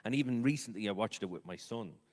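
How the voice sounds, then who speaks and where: A man of middle pitch moderates a convention panel with stammering restarts. His voice trails off into a long hall reverb. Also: expressive, fast, darkish tone. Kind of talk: casual panel chat.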